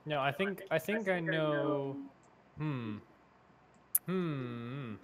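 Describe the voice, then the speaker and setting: A man running a tabletop game as game master, hesitant, with many pauses. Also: fairly high pitch, lively intonation, a crowd in the background. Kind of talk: casual tabletop game chat.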